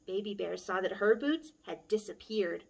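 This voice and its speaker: A woman, a children's librarian, reading a picture book aloud at story time with a gentle, expressive manner. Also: medium pitch, normal speed, creaky.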